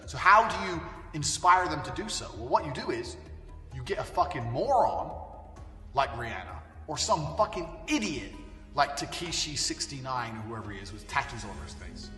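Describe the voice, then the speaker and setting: Man, blunt profane rant, bright lively voice, distant in a reverberant hall, faint music underneath. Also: medium pitch, moderate pace. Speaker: speaker giving a self-help rant. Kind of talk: ranting monologue.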